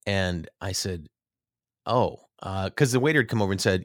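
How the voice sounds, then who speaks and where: A man's voice: low voice, lively intonation, moderate pace, no room sound, clean studio sound. A middle-aged man, an actor, telling rambling, self-deprecating stories in a casual interview, with many restarts.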